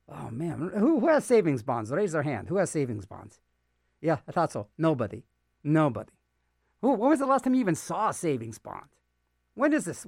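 Lively, joking male radio DJ. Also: fairly high pitch. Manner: rambling, jokey asides, many fillers. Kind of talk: casual radio show chat between records.

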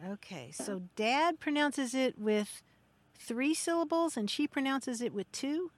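A woman's voice: high voice, animated, measured pace, dry recording. A woman from Kentucky co-hosting a radio show about language, chatting encouragingly with young callers. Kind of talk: casual radio chat.

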